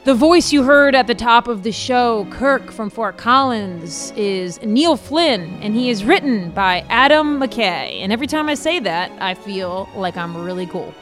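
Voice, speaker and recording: A woman co-hosting a podcast in a casual, chatty chat, enthusiastic and quick to laugh. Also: fairly high pitch, lively intonation, fairly bright tone, faint music behind. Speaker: podcast co-host.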